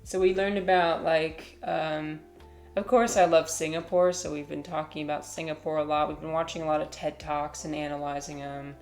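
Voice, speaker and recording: A woman livestreaming in casual chat, rambling and hesitant with many fillers and restarts, now and then cooing softly to her cat. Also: low voice, flat delivery, moderate pace. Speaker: livestreamer and teacher.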